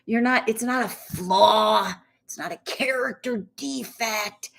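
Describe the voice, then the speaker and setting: A woman coach leading a guided tapping session, speaking in a gentle, reassuring, conversational way and slowing down for affirmations. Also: on the high side, creaky. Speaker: inner guidance coach.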